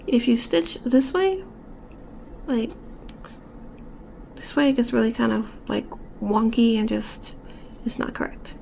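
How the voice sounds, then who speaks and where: A woman walks through a beadwork stitch step by step, speaking softly and slipping into near-whispers as she works. Her voice sits a little high but sounds mellow and dark, with a gravelly fry. Faint room noise hums underneath. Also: takes it slowly, long pauses. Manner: soft-spoken, often drops to a whisper while working. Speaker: beading tutorial instructor. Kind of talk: step-by-step craft tutorial.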